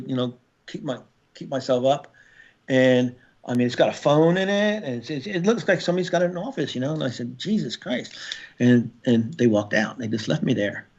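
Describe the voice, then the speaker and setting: Older male guest, former Marine, gritty and profane storyteller, restarts often, average pitch, slightly dull lo-fi audio. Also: darkish tone. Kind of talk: storytelling in a podcast interview.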